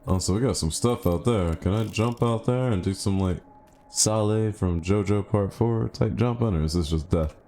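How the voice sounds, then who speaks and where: A male gaming streamer with a very low voice talks through his play in a loose, casual way. He muses out loud and jumps into excited yelps. A faint hiss sits under the recording. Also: normal speed. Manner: chatty, thinks aloud, bursts into excited yelps. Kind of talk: casual live gameplay commentary.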